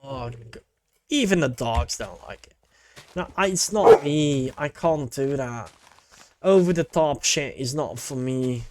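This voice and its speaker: A man's voice: mid-range voice, sing-song, unhurried, background noise. A male VTuber chatting casually with his stream, laid-back and rambling, with casual swearing.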